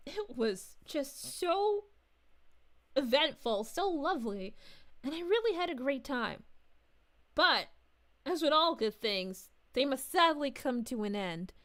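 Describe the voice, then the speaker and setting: Princess Daisy, a bubbly, high, sing-song princess as a woman voices her. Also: a bit bright, exaggerated voice. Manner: gushing, effusive, frequent giggles and "aw"s. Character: cheerful bubbly young princess, sweet and gushing. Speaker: VTuber streamer. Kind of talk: live stream chat reading in character.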